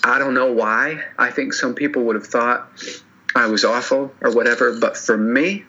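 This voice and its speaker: Male podcast guest, earnest and teary, halting delivery, very bright tone; lo-fi muffled recording. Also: mid-range voice, fairly even intonation, slightly rough. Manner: earnest, halting, many restarts and "you know". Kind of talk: emotional personal interview.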